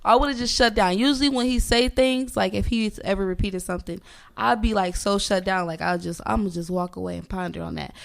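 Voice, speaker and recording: A woman's voice: mid-range voice, brisk, vocal fry. A mother in a casual conversation, telling candid, emotional stories about her young son.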